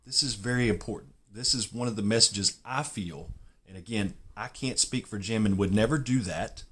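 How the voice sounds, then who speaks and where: A man with a lowish voice and a Southern US drawl talks straight to his viewers. He rambles and restarts his sentences as he explains himself, and he pokes fun at himself along the way. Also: moderate pace, fairly bright tone, breathy edge. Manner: rambling, self-deprecating, restarts often. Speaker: golf channel host. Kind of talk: casual explainer monologue.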